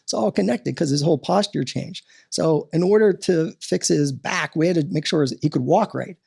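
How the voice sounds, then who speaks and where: A man talking as a podcast guest and coach, animated and motivational, often tossing in "right?" as he talks. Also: a little high, moderate pace, gravelly, slightly rough.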